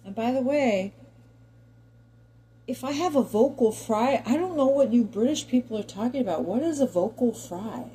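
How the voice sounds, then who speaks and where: Middle-aged american woman ranting to camera, mellow low-key tone, wanders off topic, little bit of room hum behind her. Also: lively intonation, normal speed, low-quality recording. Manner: chatty and digressive, talks directly to viewers. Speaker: commentary vlogger. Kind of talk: opinion monologue to camera.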